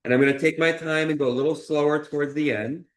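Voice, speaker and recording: In a kitchen, a male chef gives a cooking demonstration, encouragingly talking through each cut and often checking in with "okay?". His voice is a little high, steady in tone and fast, with a roomy sound.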